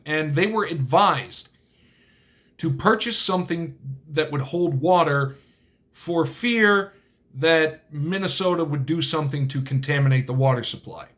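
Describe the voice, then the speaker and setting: A man hosting a casual solo video, his voice sitting a little on the high side. He rambles, corrects himself mid-sentence and drops dry little asides as he goes. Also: a bit bright. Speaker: channel host.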